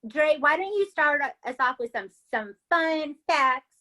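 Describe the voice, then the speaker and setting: A woman from the United States hosting a casual podcast, enthusiastic and quick to laugh. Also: high voice, lively intonation, bright, forceful tone, rough recording. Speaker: podcast host.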